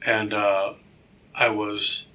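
A man sharing his personal testimony as a talk show guest, animated and acting out the voices of the people in his stories. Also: fairly low pitch, drawn-out words. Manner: animated, acts out quoted voices. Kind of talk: storytelling testimony.

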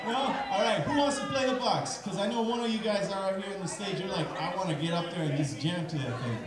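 A man from Canada, a live music entertainer doing upbeat, chatty stage banter and coaxing the audience on a live stage. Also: sits high. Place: large hall, live stage. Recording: echoey hall, music behind.

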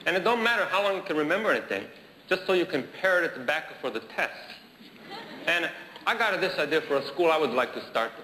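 A man, a comedian, voicing a deadpan man with a fake Italian accent, delivering dry comic patter. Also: on the high side, fairly quick. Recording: echoey hall, noisy, audience laughter.

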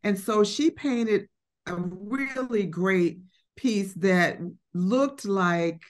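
A middle-aged art collector with a mid-range voice tells a reflective story in conversation at an extremely slow pace, using fillers and acted-out quotes.

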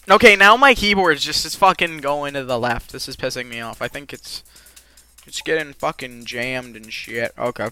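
A let's play gamer giving live commentary who rages and swears, with sudden yells between low muttering. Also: normal speed. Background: faint game music.

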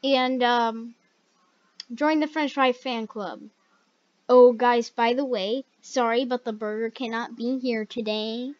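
A woman hosts a gaming video in casual gameplay commentary, with a slightly high voice. She talks slowly but in an excitable, chatty way and yelps when something startles her. The recording sounds dull and lo-fi. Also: dry recording.

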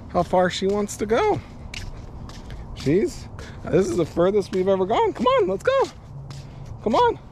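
A man's voice: mellow, a little hiss or hum. A man talking casually to an action camera while out walking his dog, at times out of breath. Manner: high sing-song baby talk to his dog. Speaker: vlogger. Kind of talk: casual daily vlog. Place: outdoors on a hot walk, then in a car. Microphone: handheld action camera.

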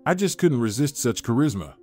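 A man voicing a young wife who calmly and sweetly mocks her cheating husband. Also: medium pitch, brisk, faint music behind. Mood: mocking. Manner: sweetly mocking, calm. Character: scheming wronged wife, young woman, mocking.

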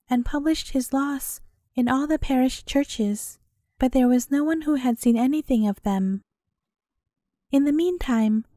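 A woman narrating a bedtime fairy tale in a gentle, measured way. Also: sits high, no room sound, clean studio sound. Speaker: storyteller.

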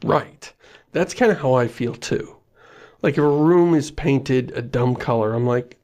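A man's voice: medium pitch, a little slow, darkish tone. A man co-hosting a podcast in casual chat, jokey and self-mocking, laughing often. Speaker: podcast co-host.

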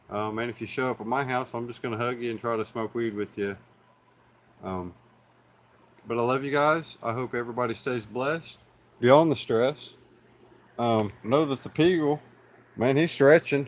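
Over slight background noise, a man with a mid-range voice and an Oklahoma accent chats loosely on a live stream. His talk is relaxed and meandering, thick with fillers, and he addresses his audience as "y'all."

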